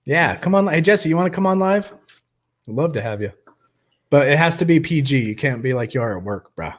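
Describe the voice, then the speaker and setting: A man's voice: a little high, lively intonation, a little fast. A man hosts a live online recovery meeting from his webcam. He chats casually and jokes around, laughing often as he talks. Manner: joking, chatty, laughs often. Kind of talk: casual livestream chat.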